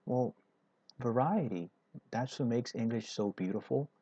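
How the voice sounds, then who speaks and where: A man's voice: mid-range voice, unhurried, dark tone, husky, dry recording, highs cut off. A man teaching an English grammar lesson. He explains patiently, step by step, and often checks in with "right?".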